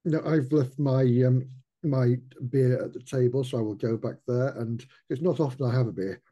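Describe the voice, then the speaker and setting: A man with a husky voice playing a tabletop game, casually saying what his character does. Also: mid-range voice, moderate pace, mellow, muffled recording. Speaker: player.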